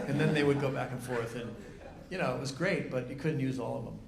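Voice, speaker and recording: A man, a film director as guest, talking in an onstage festival discussion, halting with many restarts and frequent laughs. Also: mid-range voice, gravelly, a crowd in the background. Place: festival event venue. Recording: echoey room, faint noise.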